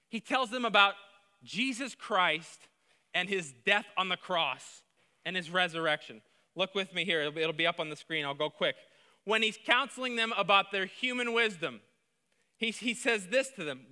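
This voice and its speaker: Bright-voiced preacher in a reverberant hall. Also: male voice, high-pitched. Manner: emphatic preaching, swings from quiet to loud. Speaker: pastor. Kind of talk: sermon.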